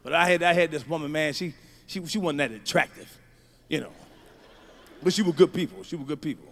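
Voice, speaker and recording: Middle-aged man, stand-up comic, high voice, rowdy and profane, faint hum of the room behind. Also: a little fast, vocal fry. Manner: loud, profane, swings to shouting. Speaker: stand-up comedian. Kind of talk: stand-up routine.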